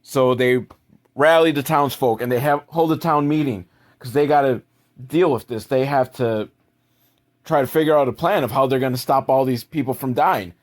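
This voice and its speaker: A man's voice: medium pitch, normal speed. A young adult man giving a crude, sarcastic comedic recap of a movie as the show's host. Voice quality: crude, sarcastic, mocking asides.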